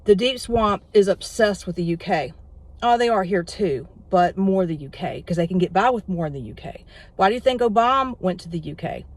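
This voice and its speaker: Excitable vlogger ranting. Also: mid-range voice, normal speed. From United States. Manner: excitable, gets worked up, rambling. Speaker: prediction vlogger. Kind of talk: casual solo monologue.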